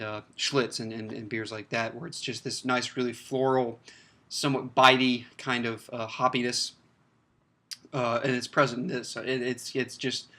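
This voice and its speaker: A man's voice: mid-range voice, pushed and bright. A man giving a casual, rambling beer review, full of fillers and restarts. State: slightly choked up, clears throat.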